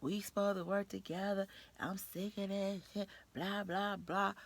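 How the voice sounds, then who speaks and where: A woman voicing an overworked female nurse aide who is furious and swearing, pitched higher than her own voice. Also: flat delivery, unhurried. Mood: fed up. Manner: furious, profane, shouting off.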